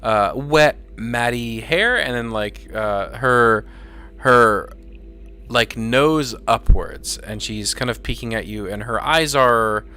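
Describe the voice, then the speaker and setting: A man's voice: mid-range voice, slow pace, bright, forceful tone, clear, resonant tone. A man running a tabletop game as game master, narrating in a rambling way, full of fillers and laughs.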